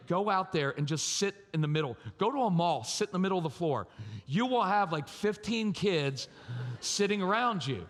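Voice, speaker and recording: A man giving a live parenting talk at a conference, animated, acting out parents' voices. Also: sits high. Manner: animated, acts out yelling and sweet parent voices. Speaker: parenting speaker. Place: large church hall. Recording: reverberant hall.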